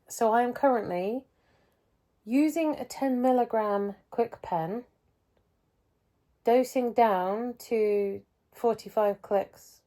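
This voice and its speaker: A woman's voice: mid-range voice, dark tone. Rambling, hesitant woman vlogger. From England. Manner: rambling, hesitant, self-mocking. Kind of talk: casual vlog update.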